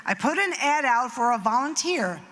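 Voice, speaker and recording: Woman, high voice, crisp and bright, speech in a reverberant hall, storytelling with asides. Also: big pitch swings, normal speed. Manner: warm storytelling with acted quotes and asides. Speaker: nonprofit founder giving a speech. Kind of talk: speech at an event. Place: event hall. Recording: reverberant hall, faint noise.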